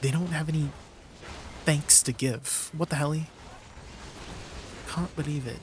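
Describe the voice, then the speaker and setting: A man's voice: fairly high pitch, steady tone, a little slow, background noise. Laid-back man chatting on a game stream. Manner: laid-back, chatty, greets viewers and answers chat. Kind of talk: casual live-stream chat.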